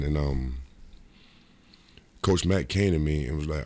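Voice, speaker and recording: A man's voice: extremely low pitch, unhurried, pauses often, dry recording. A middle-aged man, a former basketball player, tells stories from his career in a casual interview, rambling and restarting his sentences. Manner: rambling, repeats and restarts, lively quoted asides.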